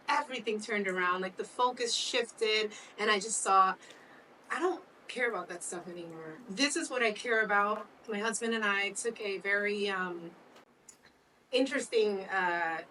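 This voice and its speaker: A woman's voice: medium pitch, sharp tone, recorded from a distance, a little hiss or hum, poor audio. A woman co-hosting a talk show, chatting candidly and laughing often. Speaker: co-host. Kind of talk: casual chat.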